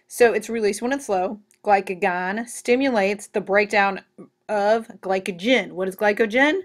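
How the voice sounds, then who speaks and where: A woman teacher giving a recorded classroom lecture in an animated, joking way, full of asides. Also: mid-range voice, a little slow.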